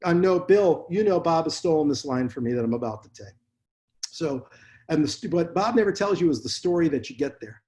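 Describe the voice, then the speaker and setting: Male dentist guest, blunt and animated storyteller, slightly high pitch. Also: fairly quick. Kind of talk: casual interview storytelling.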